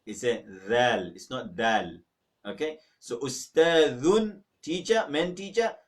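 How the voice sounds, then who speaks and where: A man teaching an online Arabic lesson, drilling words slowly with students and urging them to practise. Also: mid-range voice, expressive. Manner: emphatic, exhorting. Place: mosque teaching room. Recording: voice a little far from the mic.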